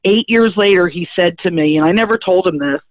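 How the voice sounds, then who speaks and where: A middle-aged woman, a spiritual medium and guest, telling her story in a lively, chatty way and acting out the conversations in it. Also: on the low side, a little fast, no echo. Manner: lively, chatty, acts out the dialogue in her stories. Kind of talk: animated personal storytelling. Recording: thin phone-like dry sound.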